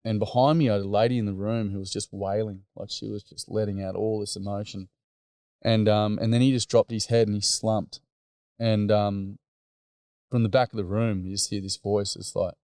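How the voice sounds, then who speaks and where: A middle-aged Australian man speaks in a low, mellow voice with little rise and fall. He tells his stories earnestly and loosely, full of "um" and "mate". The sound is close and dry. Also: little pitch movement, normal speed, dry recording. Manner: earnest, rambling, lots of "um" and "mate". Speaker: speaker running boys' workshops. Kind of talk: personal storytelling talk.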